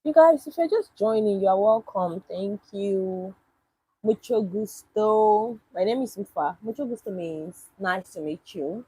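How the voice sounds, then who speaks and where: Woman on a livestream, husky voice, slow and dry sounding, reads comments and answers them with wry disbelief. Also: mid-range voice, lively intonation, dark tone, no echo, rough recording. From Nigeria. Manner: chatty, answers viewers' questions with wry disbelief. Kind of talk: casual livestream chat reading comments.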